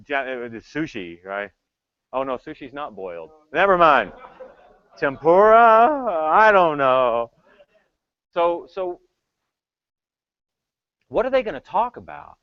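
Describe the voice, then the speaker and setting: Male keynote speaker, joking storyteller, higher voice with lively swings, muffled lo-fi sound. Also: moderate pace, pauses often, no room sound. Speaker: conference speaker, tech evangelist. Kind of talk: humorous keynote talk. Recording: dull dry lo-fi sound.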